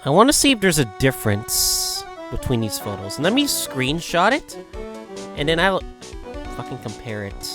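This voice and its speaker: A man's voice: fairly high pitch, wildly swooping pitch, normal speed. A man streaming a game, thinking aloud with casual, profane commentary over game music. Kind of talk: let's-play commentary.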